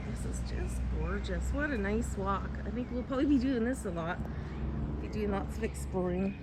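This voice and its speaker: A woman's voice: mid-range voice, animated, moderate pace. A middle-aged woman from Canada, chatting in a rambling way with many fillers while walking outdoors and filming on a handheld phone. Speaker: vlogger. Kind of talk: casual chat while walking. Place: outdoors on a neighborhood road. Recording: loud outdoor background noise.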